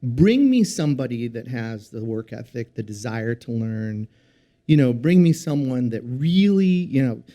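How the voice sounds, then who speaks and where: A man's voice: medium pitch, sing-song, a little slow, dark tone. A man guesting on a business podcast, explaining earnestly in a conversational way with many fillers. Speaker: podcast guest, company founder. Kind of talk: casual interview chat.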